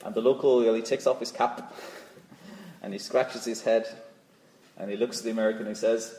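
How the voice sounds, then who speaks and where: A man preaching a sermon, repeating key phrases rhythmically and dropping to a hush for emphasis. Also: lowish voice, brisk, long pauses, roomy sound, rough recording. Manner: expressive, rising and dropping to a hush.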